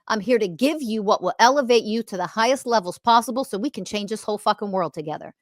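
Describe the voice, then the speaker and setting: A woman hosting a podcast, delivering a confrontational, profane ranting monologue that swings from loud emphasis to quiet muttering. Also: medium pitch, expressive, fast, dry recording, studio quality. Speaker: podcast host.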